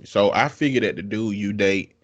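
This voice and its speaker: A man's voice: fairly low pitch, moderate pace. A man in casual conversation, giving blunt, profane advice. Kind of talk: casual chat. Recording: dull lo-fi sound.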